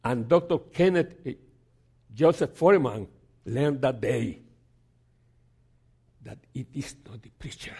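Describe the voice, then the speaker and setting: A man preaching a sermon, telling a story and reading scripture aloud, with halting repeats and dramatic pauses. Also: medium pitch, animated, vocal fry, warm tone, breathy edge. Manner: reads scripture aloud slowly.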